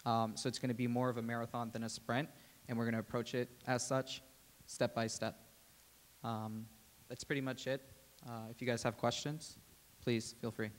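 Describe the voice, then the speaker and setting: Man, team president at a press table, flat steady delivery, lots of ums, echoey hall. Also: mid-range voice. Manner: measured, frequent "um" fillers. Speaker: team president and general manager. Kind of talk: press conference address. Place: media day press table. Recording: reverberant hall.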